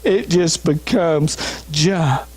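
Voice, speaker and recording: A man's voice: on the high side, drawn-out words, darkish tone, breathy edge. A man, a pastor, preaching an emphatic sermon with repeated refrains. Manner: emphatic, repeats refrains, urges listeners to listen.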